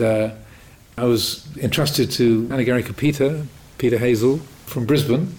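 A man who teaches Buddhist meditation, answering a question in a Dhamma talk with calm, reflective storytelling and light self-mocking humor. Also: mid-range voice, poor audio.

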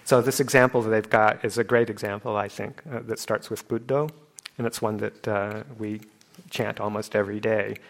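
Patient man teaching chant pronunciation. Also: on the low side. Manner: patient, loose, with fillers and chuckles, demonstrating sounds. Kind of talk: informal class explanation.

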